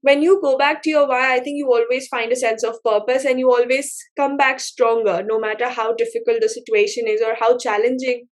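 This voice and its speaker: A woman's voice: on the high side, fairly even intonation, fairly quick, few pauses. A woman hosting an interview, asking reflective questions in an encouraging way. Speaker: interview host. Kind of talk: casual interview chat.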